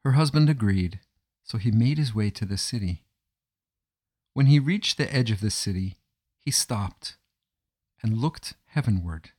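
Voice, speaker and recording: A man narrating a traditional folk tale in a measured, gentle way. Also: on the low side, lively intonation. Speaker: storyteller. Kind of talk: storybook narration.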